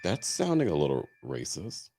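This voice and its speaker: A man hosting a casual reality TV recap, chatty and animated, reading viewer comments aloud and laughing often. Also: rumbling low, normal speed, heavy background noise. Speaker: host.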